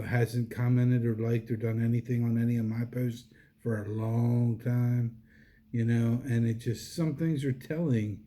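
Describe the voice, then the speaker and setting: A man's voice: mid-range voice, mellow. A middle-aged man talking casually and earnestly about his faith, rambling with many fillers and restarts, and sounding tired. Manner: earnest, devotional. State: tired, yawning. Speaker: vlogger. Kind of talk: casual personal monologue.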